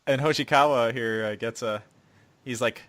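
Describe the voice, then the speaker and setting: Animated male podcast host. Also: mid-range voice, normal speed. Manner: animated, recaps episodes. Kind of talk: casual chat.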